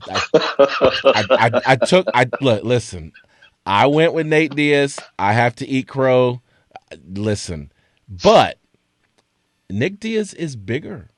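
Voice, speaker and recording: In a clean studio with no room sound, a mid-range-voiced man co-hosts a sports talk podcast, telling stories energetically in casual chat. When pushed, he starts stammering.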